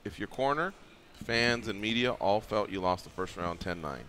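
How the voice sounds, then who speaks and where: Bright-voiced radio host acting out scenes. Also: male voice, on the low side, animated, moderate pace, a little hiss or hum. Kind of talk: casual radio chat.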